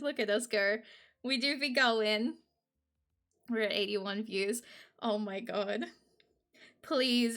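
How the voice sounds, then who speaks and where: A giggly woman streamer chats casually with her live audience, her voice high and bright. She talks at an easy, unhurried pace and bursts into excited laughter.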